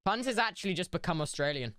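A man's voice: sits high, animated, fast, pushed and bright, clear, resonant tone. A young man streaming a game, chatting casually and giggling through playful banter. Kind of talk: casual gaming stream chat.

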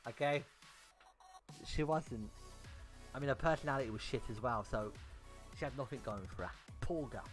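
A man's voice: medium pitch, normal speed, pauses often, faint music behind. A young man on a gaming livestream, telling a story casually and animatedly, swearing and repeating words as he goes. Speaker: gaming streamer.

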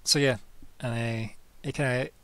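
A man's voice: mid-range voice, steady tone, moderate pace, fairly bright tone, smooth. A man running a tabletop game as game master, narrating in a loose, chatty way full of fillers.

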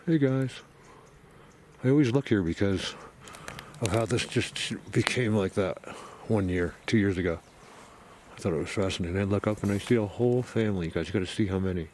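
A man vlogging outdoors on a mountain road, rambling excitedly to his viewers from a helmet camera. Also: lowish voice, brisk, long pauses, a little hiss or hum. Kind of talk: casual outdoor vlog.

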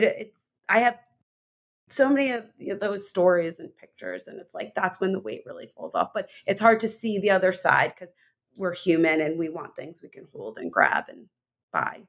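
A woman's voice: lowish voice, huge pitch swings, moderate pace, gravelly. A woman health coach as an interview guest, talking enthusiastically and rambling with many fillers. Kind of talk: conversational interview.

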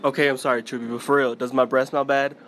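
A man's voice: medium pitch, level tone, fast, fairly bright tone, slight background noise. Man teasing his dog. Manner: joking, teasing. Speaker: pet owner. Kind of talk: talking to a pet.

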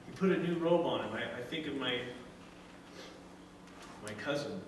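A man's voice: a little high, moderate pace, long pauses, noisy background. A middle-aged male pastor preaching a sermon earnestly, often restarting phrases and acting out a father's words. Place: church sanctuary. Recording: echoey church sanctuary from far off.

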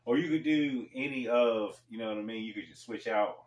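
A man hosting a casual storytelling vlog, talking in a laid-back, slangy way with pauses. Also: medium pitch, a little mellow. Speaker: storyteller host. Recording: echoey room, mic far off.

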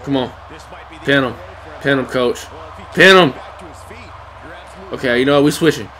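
A man mutters and swears at the screen while playing a wrestling video game, frustrated and talking to himself in casual gameplay commentary. His voice is medium in pitch, moderately paced, pushed and bright.

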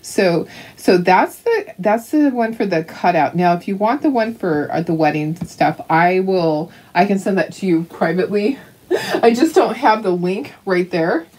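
A woman's voice: mid-range voice, animated, measured pace, a little mellow, slightly rough. An older woman from Canada chatting casually with viewers while she paints craft kits, laughing often and restarting her sentences. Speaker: craft livestream host.

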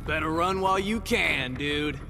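A man's voice: on the high side, moderate pace, gravelly. A man voicing a brash, wisecracking male mutant turtle fighter in a video game, taunting his rivals. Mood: cocky. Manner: cocky, taunting. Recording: game audio over loud music.

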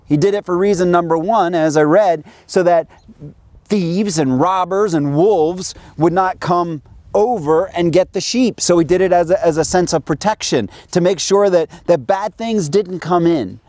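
American male pastor, outdoor sermon, slightly high voice, dry sound, stumbles and restarts. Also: moderate pace, a little mellow, no echo. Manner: conversational preaching with frequent restarts. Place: outdoors near a sheep pen.

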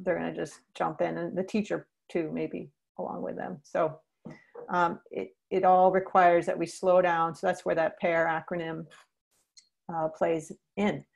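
A woman with a lowish, gravelly voice leads a teacher training session as a social-emotional learning trainer. She earnestly explains and acts out what teachers should say to students.

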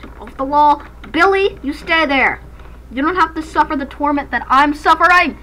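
Hosting a let's-play at night in a dark room, a woman gaming channel host talks excitedly and jokes around, sometimes breaking into song. Her high voice runs at normal speed, captured in a low-quality recording with a slight hiss or hum.

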